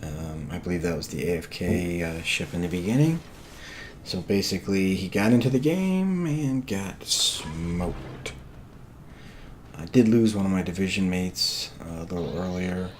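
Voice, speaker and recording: A man with a very deep voice comments on a replay of his match, relaxed and hesitant, frequently pausing on "uh" and "um." He sounds tired and yawns, and a steady hiss runs beneath his voice.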